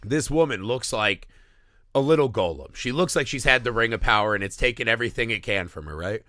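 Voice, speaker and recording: A man co-hosting a casual movie podcast, retelling scenes in a profane, animated way and acting out bits of dialogue. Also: medium pitch, a little fast, no room sound, clean studio sound. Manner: animated, profane scene recaps with acted-out voices. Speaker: podcast co-host.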